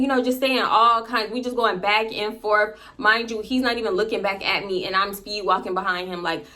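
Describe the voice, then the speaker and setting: A woman hosting her storytime channel, telling the story casually, animated and blunt and swearing freely. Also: mid-range voice, a little fast, hardly any pauses.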